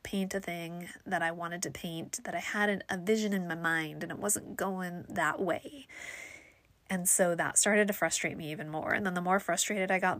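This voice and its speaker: A woman talking casually to the camera, telling a frustrating story and acting out the people in it with lively voices. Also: fairly low pitch, no echo. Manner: chatty, exasperated, quotes people in lively voices. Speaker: vlogger.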